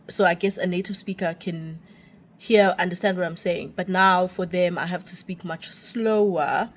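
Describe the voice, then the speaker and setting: A woman's voice: fairly low pitch, normal speed. Young woman, south african accent, chatty ranting vlog voice, phone held while walking outside. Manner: chatty ranting, animated and expressive. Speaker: vlogger, teacher abroad. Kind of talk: casual walking vlog chat. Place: outdoors walking.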